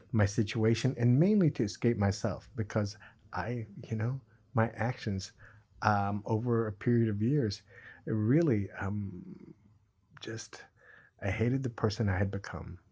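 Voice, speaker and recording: A middle-aged man talking about recovery as a podcast guest, earnest and reflective with a dry sense of humor, in a husky voice. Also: on the low side, warm tone. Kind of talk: reflective conversation.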